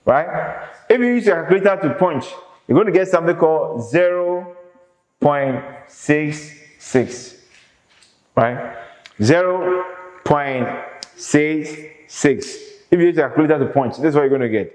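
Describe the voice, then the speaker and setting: With lively intonation and a fast pace, an economics lecturer speaks in a slightly high, slightly mellow voice. He teaches emphatically, answering his own questions to the class, in an echoey, reverberant space.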